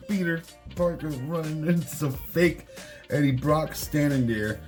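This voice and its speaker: A man casually recapping a comic issue, excitedly retelling scenes and quoting the characters' lines. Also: mid-range voice, normal speed, soft background music. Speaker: comic book reviewer.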